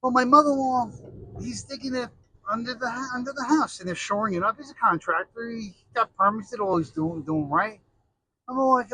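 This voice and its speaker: A middle-aged man from the United States rambles through jokey stories in a casual monologue, full of restarts and asides. His voice is very high, brisk, pushed and bright with slight roughness, and the recording is low quality.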